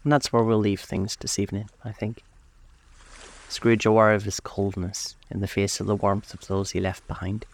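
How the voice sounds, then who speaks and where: A man narrating a classic tale as a bedtime story host, in a soft, slow, soothing manner. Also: on the low side, little pitch movement. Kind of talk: calm bedtime story reading.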